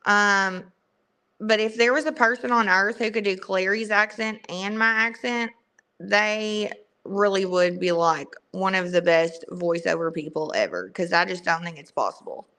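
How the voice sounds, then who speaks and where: Young Southern woman host, bright clear voice, unhurried casual livestream chat. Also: medium pitch. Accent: strong Southern US. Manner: chatty, greets viewers by name.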